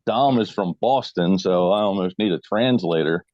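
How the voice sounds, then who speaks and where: Deep-voiced host on a dull lo-fi mic. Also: male voice, normal speed, a little mellow, dry recording. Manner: dry, joking questions. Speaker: podcast host. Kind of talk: casual podcast interview. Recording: dull lo-fi dry recording.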